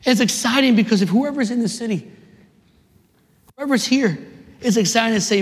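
Man preacher with a very high voice, impassioned and repetitive, sermon delivery with sudden shouts, long hall reverb. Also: moderate pace, long pauses. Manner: impassioned, repeats phrases, swings from shouting to hushed.

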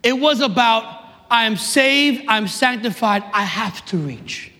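A man, preaching passionately to young people, rising to emphatic shouts and dropping in joking asides. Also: very high-pitched, expressive, unhurried. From New York City, USA. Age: 30s. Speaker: youth minister. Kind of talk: preaching to a live audience. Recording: reverberant hall.

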